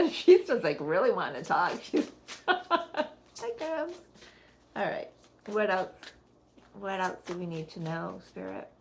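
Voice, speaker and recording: A woman's voice: fairly low pitch, lively intonation, moderate pace, creaky, slight background noise. A middle-aged woman giving a casual spiritual card reading, rambling and thinking aloud, often breaking into laughter. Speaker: oracle card reader.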